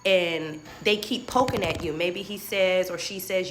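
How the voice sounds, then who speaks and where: A woman's voice: fairly low pitch, a little slow, a bit bright, slight background noise. A woman life coach giving an earnest motivational talk, repeating her points and speaking straight to her viewers.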